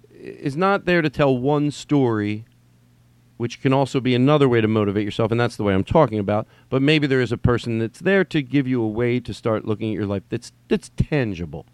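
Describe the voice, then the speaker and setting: A man of middle pitch rambles through a solo podcast from home, drifting between tangents and circling back to repeat himself. He swears freely and keeps the talk loose and casual. His voice sounds close and dry, with no room around it. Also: darkish tone, dry recording. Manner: digressive, profane, repeats himself. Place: at home during quarantine.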